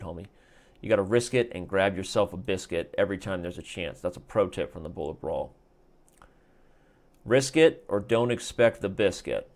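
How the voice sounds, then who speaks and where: A man hosting a live chess stream and calling his own games as he plays them. His voice runs a little low, and he keeps up a loose, joking patter throughout. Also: darkish tone. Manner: joking, playful banter. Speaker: chess stream host and commentator.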